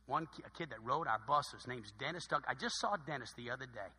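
A middle-aged man preaching a sermon as pastor, telling stories in an animated way that swings between loud bursts and quiet asides. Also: medium pitch, fast, slightly rough. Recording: long reverb of a large hall.

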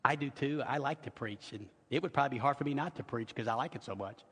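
A male pastor delivering an impassioned sermon in a church, moving between loud exhortation and quiet, intimate passages. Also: medium pitch, quick pace, hardly any pauses, breathy edge. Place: church sanctuary. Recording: long hall reverb.

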